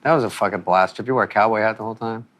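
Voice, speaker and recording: A man's voice: on the low side, racing, a bit bright. A man interviewing guests in casual chat, chatty with short agreeing noises.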